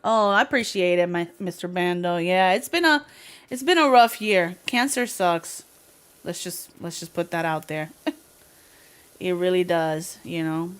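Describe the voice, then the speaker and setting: A woman livestreamer chatting casually with her viewers, talkative, slangy and quick to laugh. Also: fairly low pitch, clean tone.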